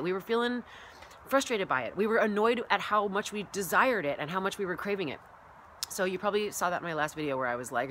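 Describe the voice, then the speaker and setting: Chatty woman with a bright, forceful voice. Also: mid-range voice, a little hiss or hum. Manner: rambling and chatty, full of "like" and "you know"; animated, acts out her own past thoughts. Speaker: massage therapist and wellness coach. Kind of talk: casual vlog monologue.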